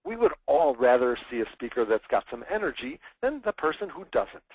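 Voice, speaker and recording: A man teaching public speaking in a webinar, energetic and expressive, acting out examples in mock voices. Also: medium pitch, brisk, creaky, no room sound, low-quality recording. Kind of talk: webinar presentation.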